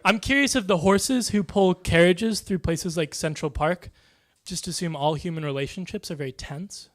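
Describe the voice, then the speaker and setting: Dry-voiced stand-up man, fairly high. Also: normal speed. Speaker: stand-up comedian. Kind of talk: deadpan one-liner stand-up.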